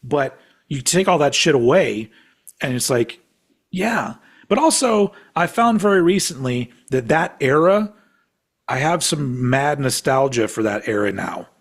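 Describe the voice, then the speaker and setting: Husky-voiced man in his forties, excitable. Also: medium pitch, a little slow. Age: 40s. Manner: excitable and profane, swears freely. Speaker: podcast co-host. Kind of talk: casual chat ranking albums.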